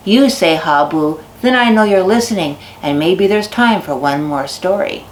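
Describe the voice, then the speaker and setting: A woman telling animal folk tales to children, lively and dramatic, stretching words for effect. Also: lowish voice, moderate pace. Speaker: storyteller. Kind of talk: storytelling to children. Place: basket making barn. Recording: echoey barn recording.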